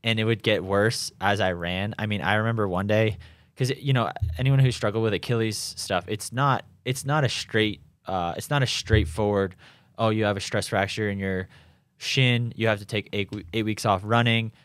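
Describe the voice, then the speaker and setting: A young man with a lowish voice tells his stories in a loose, rambling way, with lots of restarts and fillers. The sound is close and dry, with no room around it. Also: steady tone, moderate pace, a bit bright, clear, resonant tone, no room sound. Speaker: professional triathlete guest. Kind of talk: casual conversational interview. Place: home in Boulder.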